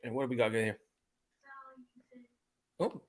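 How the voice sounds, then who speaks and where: A man co-hosting a casual movie commentary podcast, laid-back and profane, quick to laugh along. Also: medium pitch. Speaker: podcast co-host.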